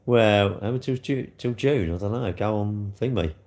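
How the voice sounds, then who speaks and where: A man chatting casually with viewers on a livestream, bantering as he reads comments, his throat a little hoarse. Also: lowish voice, unhurried, darkish tone. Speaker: livestream host.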